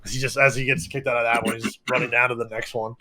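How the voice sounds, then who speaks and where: A man's voice: mid-range voice, little pitch movement, rapid-fire, sharp tone. A man narrating as game master of a tabletop game, in a casual way with many fillers and restarts.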